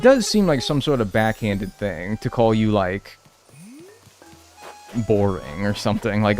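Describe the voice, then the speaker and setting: Young male streamer, casual rambling chat, animated intonation, faint music underneath. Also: fairly low pitch, normal speed. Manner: rambling, self-deprecating, answers chat.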